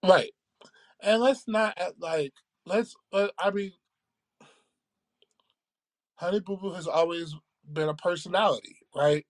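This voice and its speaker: A man with a voice that sits high co-hosts a casual podcast chat, speaking in a measured, reflective way and often checking in with "right?"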